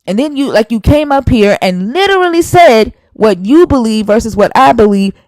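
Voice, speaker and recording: A woman's voice: a little high, animated, normal speed, darkish tone, no echo, low-quality recording. A woman hosting a live stream, arguing heatedly and scolding a viewer while citing scripture verses. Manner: emphatic, scolding, cites scripture.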